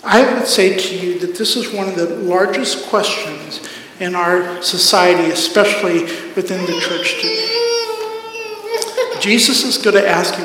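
A man preaching a sermon as pastor, earnest and emphatic, swinging from soft asides to ringing climaxes. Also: sits high, normal speed, noisy background. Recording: echoey hall, very reverberant.

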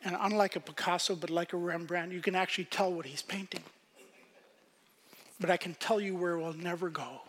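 A man preaching a sermon as pastor, swinging from loud emphasis to hushed whispers. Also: high voice, steady tone, a little fast, big-room sound, a little hiss or hum.

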